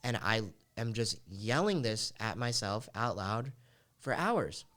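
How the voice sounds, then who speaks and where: Low, smooth-voiced man telling a confession. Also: very animated, takes it slowly, fairly bright tone. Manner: emotional confessional storytelling with casual fillers. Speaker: podcast host. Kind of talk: personal storytelling podcast.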